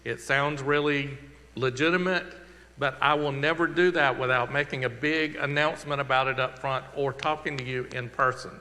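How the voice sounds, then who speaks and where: A man's voice: mid-range voice, steady tone, sharp tone, slight background noise. A man with a Southern accent, a pastor giving earnest, conversational church announcements and a closing prayer. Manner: earnest, conversational, slowing for emphasis. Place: church sanctuary. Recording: long reverb of a church hall.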